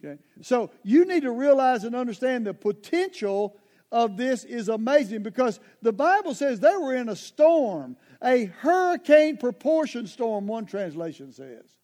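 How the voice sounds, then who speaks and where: A man's voice: very high-pitched, big pitch swings, unhurried, a little mellow. A man preaching a sermon in a conversational, emphatic way, often turning straight to his listeners.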